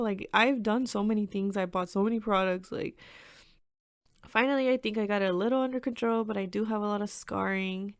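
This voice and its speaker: A woman's voice: mid-range voice, a little fast, no room sound, studio quality. A woman in her twenties hosting a podcast, telling personal stories in a chatty way, laughing often and swearing casually. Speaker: podcast host. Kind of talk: casual storytelling monologue.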